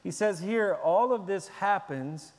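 Male pastor, sermon, high voice, animated delivery, long hall reverb. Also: unhurried. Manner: animated, acts out shouting children.

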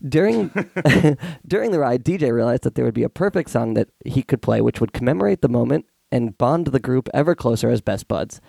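A man co-hosting a podcast, his voice hoarse and gravelly from an oncoming cold. He reads a darkly comic story, breaking into giggles between sentences, in a mellow, dry close-miked sound. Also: mid-range voice, animated, brisk, dry recording. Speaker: podcast co-host. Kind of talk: casual chat and reading a comic story aloud.

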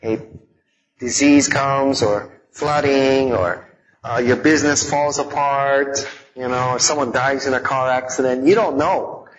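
A man teaching a live audience in a relaxed, conversational way, mixing in stories from growing up and frequent fillers. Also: medium pitch, unhurried, dull audio. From Hawaii.

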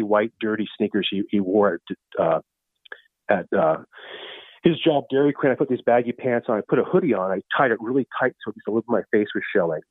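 A man's voice: mid-range voice, no room sound. A man in his fifties, a guest telling stories casually in a rambling way with many restarts. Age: 50s. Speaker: guest storyteller. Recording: tinny phone-like line.

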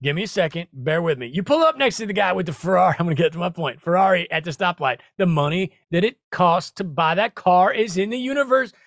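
A man hosting a podcast, talking loud and excitable with a salesy push, laughing and exclaiming as he goes. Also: high-pitched, fast talker, few pauses, no room sound, studio quality. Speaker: podcast host. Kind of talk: animated solo podcast talk.

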